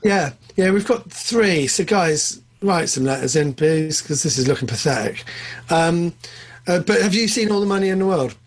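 A man co-hosting a podcast, chatting casually about films, excitable and jumping up in pitch when enthused. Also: normal speed. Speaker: podcast co-host. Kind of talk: casual film chat.

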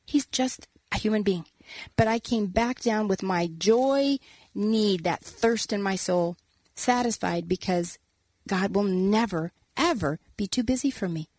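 A woman, an author and guest, telling a personal story in an earnest, animated way and acting out quotes as she talks. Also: mid-range voice, a little slow, dry recording. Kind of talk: casual storytelling conversation.

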